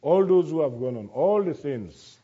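A man preaching a sermon emphatically, slowing to stress key words and dropping to quiet asides, in a dull lo-fi recording. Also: fairly high pitch, expressive, husky. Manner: emphatic, swings from loud declaiming to quiet asides.

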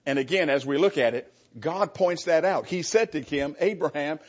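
Male pastor teaching a Bible class, earnest and emphatic, husky, on a dull lo-fi recording. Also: on the high side, moderate pace.

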